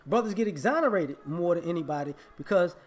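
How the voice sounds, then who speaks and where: Confrontational high-voiced man ranting. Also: animated, fast, faint music behind. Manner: emphatic, confrontational, repetitive. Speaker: vlogger. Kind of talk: opinion monologue.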